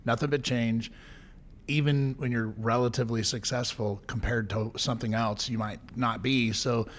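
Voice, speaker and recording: A man's voice: medium pitch, fairly even intonation, moderate pace, slight background noise. A man co-hosting a podcast, sharing opinions in a reflective way before asking his guest a question. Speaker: podcast co-host. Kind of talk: casual podcast interview.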